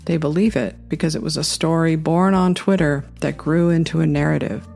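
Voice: medium pitch, fairly even intonation, fairly quick, gravelly, darkish tone, soft background music. A narrator delivering scripted political commentary in a sarcastic, mocking way.

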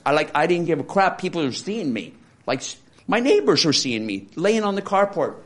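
A man in his sixties giving a candid, rambling personal testimony with dark humor, often restarting his sentences. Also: a little high, very animated, brisk. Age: 60s. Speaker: interviewee. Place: support center.

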